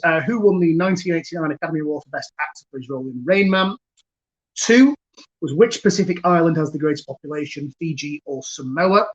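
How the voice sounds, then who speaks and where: A man hosting a virtual pub quiz over a video call, chatty, chuckling, and reading each question twice, slowly. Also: fairly high pitch. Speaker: quiz host. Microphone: computer mic on a video call. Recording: dull lo-fi video call audio.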